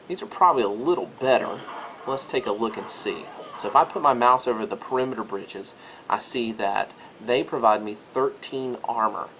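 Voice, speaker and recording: A man talking through a game tutorial in an upbeat, chatty style, with a voice pitched in the middle range for a man. A faint hiss of background noise sits under his voice. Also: fairly bright tone. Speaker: teacher demonstrating a game. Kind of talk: screen-recorded game tutorial.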